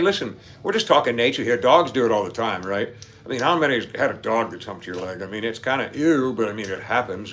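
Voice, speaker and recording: A man with a medium-pitched, fairly bright voice hosts a casual livestream, reading viewer comments and chatting with his audience. He wanders off into nerdy tangents and laughs a lot.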